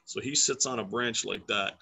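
Bright-voiced chatty man carver. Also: fairly low pitch, normal speed, creaky. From Canada. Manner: chatty and playful, laughing often. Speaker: guest woodcarver. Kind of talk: casual demonstration over a live video chat.

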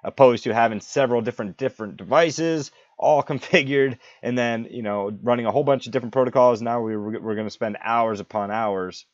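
A man's voice: mid-range voice, fairly quick, few pauses, no echo. Male tech instructor, casual and eager, dry close sound with a dull, muffled edge. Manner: chatty, enthusiastic, reads out numbers step by step. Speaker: network instructor. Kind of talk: screen-recorded software tutorial.

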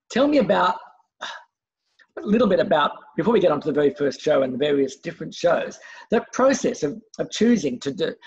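Man, husky higher voice, hesitant rambling interviewer, dull recording. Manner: hesitant, many fillers and restarts. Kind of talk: conversational interview.

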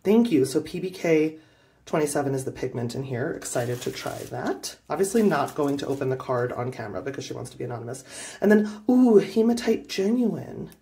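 Gushing, excitable woman unboxing art supplies. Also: extremely low pitch. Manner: gushing, excitable, quick bursts of delight. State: standing up. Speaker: art YouTuber. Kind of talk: casual unboxing vlog.

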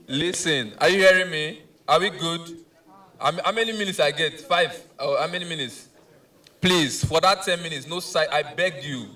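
A man's voice: a little high, bright, forceful tone, far from the mic. A male comedian with a Nigerian accent doing live stand-up, begging the crowd with mock threats and sliding into Pidgin rants.

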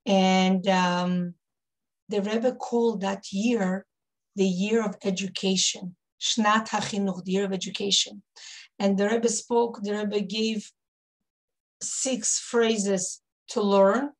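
A rebbetzin from Israel, a woman in her fifties, leads a women's class with warm storytelling. Her voice is medium in pitch, steady in tone and slow, and she reminisces with many fillers and restarts.

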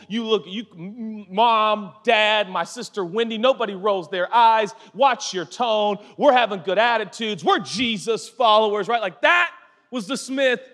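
A middle-aged man preaching a sermon, telling a story with lively acted-out voices. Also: sits high. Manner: animated storytelling, acting out quoted voices. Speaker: pastor. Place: large church hall. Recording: long reverb of a large hall.

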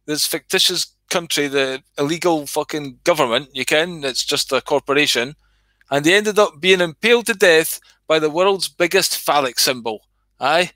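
A man's voice: fairly high pitch, pushed and bright, dry recording. Sweary man telling a comic rant. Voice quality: sweary, rambling, chatty. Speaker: host reading his own comedy skit. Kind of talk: comic storytelling livestream.

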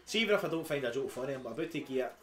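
Fast-talking Scottish man, sweary and blunt. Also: medium pitch, lively intonation. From Scotland. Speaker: podcast co-host. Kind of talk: casual banter over beers. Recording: echoey garage with music behind.

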